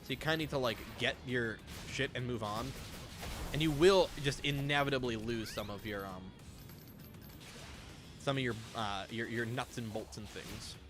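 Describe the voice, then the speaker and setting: A man's voice: medium pitch, moderate pace, music in the background. A young man chatting casually while streaming a game, rambling and swearing freely. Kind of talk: casual gameplay commentary.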